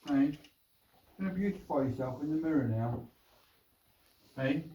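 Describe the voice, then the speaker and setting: A man's voice: medium pitch, lively intonation, normal speed, long pauses, dark tone, muffled recording. An older man at home talking to his pet bird in coaxing, affectionate baby talk. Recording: roomy sound, distant from mic.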